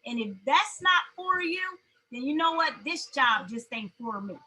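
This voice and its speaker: A woman with an African American English accent, talking in a very high, bright voice. She tells lively stories in casual conversation and laughs easily as she goes. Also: normal speed, poor audio. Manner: animated storyteller, laughs often. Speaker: podcast co-host. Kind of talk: casual chat.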